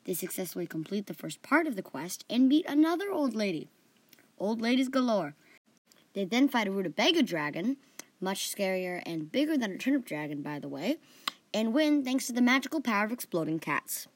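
A woman's voice: medium pitch, very animated, fairly quick, husky, no room sound. A woman hosting a story podcast, narrating in first person with playful asides.

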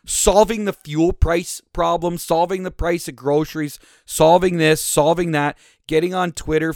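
A man hosting his own podcast, ranting angrily with constant swearing and big swings in loudness. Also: fairly high pitch, vocal fry, no echo, studio quality. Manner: profane, angry ranting with swings in volume. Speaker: podcast host.

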